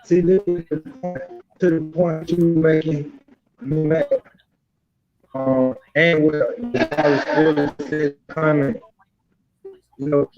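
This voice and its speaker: Man calling in, dull lo-fi line, fairly high voice, halting, rambling. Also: flat delivery, over music. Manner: halting, rambling, many fillers. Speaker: guest. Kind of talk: casual talk on a phone line. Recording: dull lo-fi phone call.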